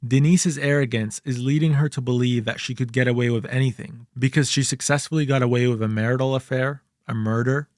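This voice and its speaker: A man giving scripted true crime narration in a measured, analytical way. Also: mid-range voice, fairly even intonation, darkish tone, no echo, clean studio sound.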